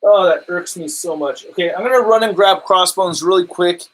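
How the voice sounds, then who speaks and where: Excitable rambling guy, pitched high. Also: normal speed, poor audio. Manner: excitable, rambling, says dude and epic. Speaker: collectibles livestreamer. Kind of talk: casual livestream chat. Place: home display room.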